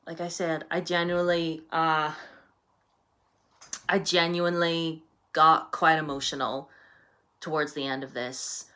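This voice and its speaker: Young woman, chatty book vlogger, bright tone, lowish pitch, lots of fillers. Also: unhurried, long pauses. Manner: chatty, animated, many fillers like "you know". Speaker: book reviewer. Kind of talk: casual book review vlog.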